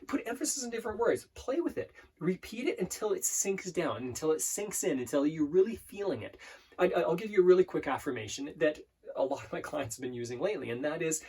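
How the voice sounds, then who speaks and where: A man's voice, a little high, very animated and dark with a breathy edge, carries an earnest self-help lesson on affirmations. The life coach speaks to camera, repeating words, restarting and slowing down to show examples.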